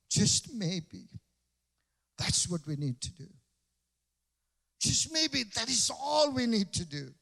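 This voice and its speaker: High, gravelly preacher. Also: male voice, in a large hall. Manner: swings between shouting and soft whispered prayer; mixes English with Hindi. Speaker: pastor. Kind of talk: sermon. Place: church hall.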